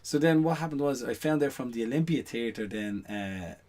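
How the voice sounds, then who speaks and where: A middle-aged man sits in for a relaxed podcast chat, working through long, looping stories about his stage shows. His voice sits at an ordinary pitch, and he keeps checking in with the listener as he goes. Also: moderate pace. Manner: rambling anecdotes with many "you know what I mean" asides. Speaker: guest, stage performer. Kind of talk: casual podcast storytelling.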